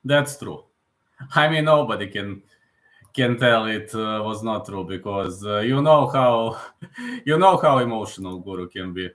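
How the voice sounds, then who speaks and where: A man's voice: on the low side, animated, unhurried, fairly bright tone. A man hosting a live stream, commenting casually in a rambling way that repeats itself, with non-native phrasing. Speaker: streamer host.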